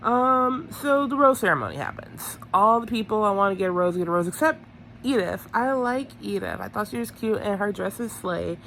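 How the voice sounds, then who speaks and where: A woman's voice: mid-range voice, expressive, normal speed, vocal fry, a bit bright, slight background noise. A woman chatting casually through a TV episode recap, gossipy and full of "like"s, often correcting herself mid-sentence. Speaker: reality TV recap vlogger.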